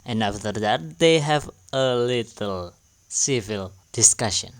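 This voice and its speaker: A man's voice: medium pitch, animated, slow pace, clear, resonant tone. Guy narrating a recap vid, plain voice, english a bit broken. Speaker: video narrator.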